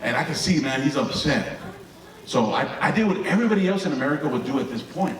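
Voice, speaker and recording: A man doing stand-up storytelling in an animated, lively way, tagging lines with "right?". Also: mid-range voice, fast talker. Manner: animated, lively storyteller with frequent tag questions. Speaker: comedian. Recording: echoey hall from far off with crowd.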